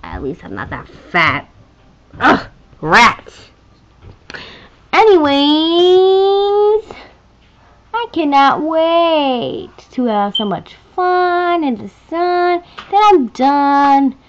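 A woman's voice: sing-song, extremely slow, pauses often, lo-fi sound, full character voice. A woman voicing a fretful female toy cat in a doll play, talking in silly rhymes. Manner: silly rhymes, jumpy pitch.

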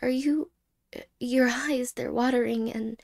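A woman voicing an apologetic young ex-girlfriend in a whispered role-play, speaking haltingly and softly and slipping into whispers. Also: fairly high pitch, steady tone, creaky. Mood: tender. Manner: halting, hesitant, soft-spoken with whispered words.

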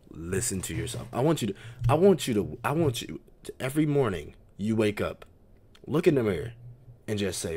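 Excitable streamer man, lively voice. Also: mid-range voice, normal speed. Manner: loud, profane, laughs often. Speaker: streamer reacting to videos. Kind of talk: casual livestream reaction.

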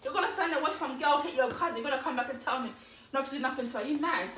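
High, bright mother fuming through laughter. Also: racing, echoey room, far from the mic, a little hiss or hum. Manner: loud threats broken by stifled laughter. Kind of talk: prank vlog, mock anger.

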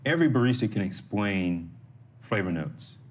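Male coach, very deep voice, blunt and informal, casual chat. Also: expressive, normal speed. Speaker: competition coach.

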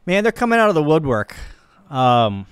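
A man from Missouri, a ham radio operator, chatting casually and joking on a live stream while he works the radio and thinks out loud. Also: fairly high pitch, big pitch swings, normal speed, clean tone. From Missouri, USA.

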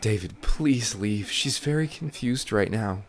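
A man's voice: fairly low pitch, expressive, unhurried. A man voicing a stern care home worker in a game, firm and commanding.

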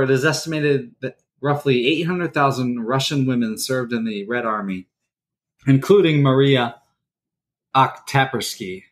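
Man reading a story on a podcast. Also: mid-range voice. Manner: reads a history piece aloud, laughing at his own stumbles. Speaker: podcast co-host.

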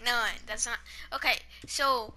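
A woman's voice: fairly high pitch, steady tone, unhurried, pushed and bright, slight background noise. A woman chatting casually while playing a video game, joking around with playful banter and silly sounds. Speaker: gamer.

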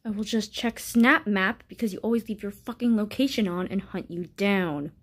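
Husky woman in a cosplay comedy skit. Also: medium pitch, normal speed.

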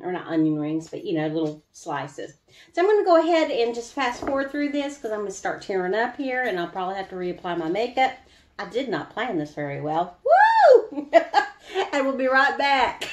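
A woman talks through a recipe in her home kitchen in a chatty, easygoing way. Her voice sits a little high, and she laughs often and stretches some words out. The room gives it a noticeable echo. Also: a bit bright, slight background noise. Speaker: home brewing vlogger. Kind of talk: casual kitchen how-to chat.

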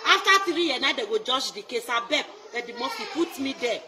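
A Nigerian woman in a loud, taunting social media rant, mocking and laughing between her jabs. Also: high-pitched, big pitch swings, a little fast, noisy background.

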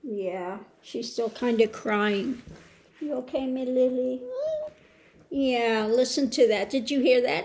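Woman host, unhurried, slightly high voice, rambling and soft, coos to pets at home. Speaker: spiritual tarot channel host. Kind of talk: casual home update.

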